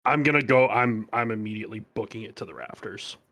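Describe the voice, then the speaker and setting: A man's voice: lowish voice, fast, creaky, fairly bright tone. A man playing in a tabletop game, answering a villain in an intense, defiant and cursing way. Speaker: player. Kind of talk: tabletop role-play.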